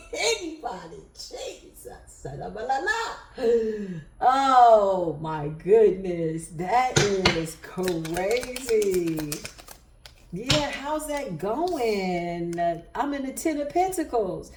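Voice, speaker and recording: A woman's voice: mid-range voice, very animated, extremely slow, darkish tone, slight background noise. Woman doing a tarot reading, sassy and laughing a lot, talking to viewers, kinda echoey room. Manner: chatty, laughs often, sassy asides to viewers. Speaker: tarot reader. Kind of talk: casual livestream tarot reading.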